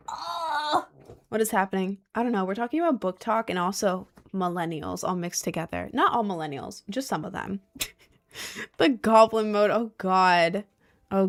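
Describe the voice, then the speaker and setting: A young woman livestreaming, chatting casually with her viewers in a rambling, animated way with lots of "like" and laughter. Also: mid-range voice. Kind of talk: casual livestream chat reading viewers' messages.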